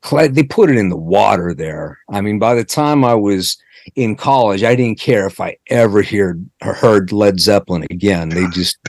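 A man's voice: on the low side, normal speed, a little mellow, no echo, studio quality. A man from the Pittsburgh area, an author being interviewed, who tells long stories with asides and restarts. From Pittsburgh area, United States. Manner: chatty storyteller, many asides and restarts. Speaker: author guest. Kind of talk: conversational interview.

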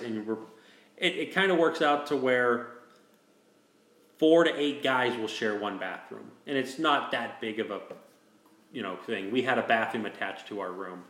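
A man's voice: mid-range voice, fairly bright tone, reverberant. A man telling a long story in casual chat, rambling with restarts and fillers. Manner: rambling, with many restarts and "you know". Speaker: host telling a hunting story.

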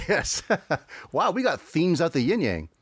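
A man chatting casually on a podcast, recapping cartoon plots with dry asides and frequent laughs. His pitch moves a lot as he talks. The sound is close and dry, with no room echo. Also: wildly swooping pitch, slow pace, slightly rough. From Canada. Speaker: podcast co-host. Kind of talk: casual chat, summarizing cartoons.

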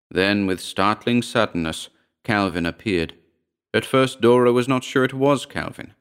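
Deep-voiced male story narrator. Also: clear, resonant tone. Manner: steady, measured reading.

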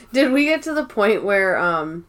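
A woman's voice: medium pitch, big pitch swings, measured pace, fairly bright tone. Wry woman co-hosting a podcast. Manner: wry, blunt, swears casually. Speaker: podcast co-host. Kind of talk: casual recap chat.

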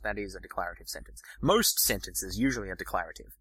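A man hosting a podcast, explaining ideas in a lecture style, talking fast with frequent restarts and fillers. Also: sits low, sharp tone, breathy edge, poor audio. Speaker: podcast host.

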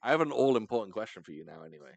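A man hosting a podcast, telling stories in casual chat, animated and jumping up in pitch for emphasis, with some swearing. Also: rapid-fire, creaky, no room sound. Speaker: podcast host.

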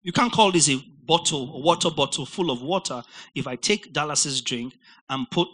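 A man preaching with a bright, forceful voice that sits a little high. He teaches emphatically, repeating key words, spelling them out and checking that his listeners follow. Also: normal speed, low-quality recording. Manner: spells out and explains Greek words. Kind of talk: sermon.

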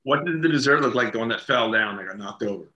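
A man's voice: medium pitch, expressive, quick pace, pushed and bright, echoey room, dull audio. A man being interviewed as an actor, telling stories in casual chat and laughing as he talks. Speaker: actor guest.

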